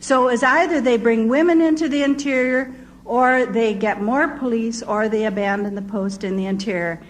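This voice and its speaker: A woman's voice: on the high side, fairly even intonation, normal speed, rough recording. An older woman, a missionary, telling her testimony as a vivid story. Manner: vivid storyteller who acts out quoted voices.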